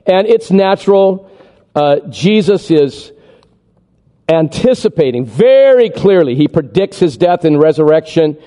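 A man preaching a sermon, animated as he walks the congregation through a chart. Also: on the high side, unhurried. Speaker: pastor. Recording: echoey hall with long reverb.

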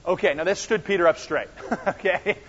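A man preaching a sermon as pastor, animated and swinging between quiet and loud, acting out the dialogue himself. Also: high voice, normal speed, slightly rough. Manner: animated, acts out dialogue with big swings in loudness. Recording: dull sound with long church reverb.

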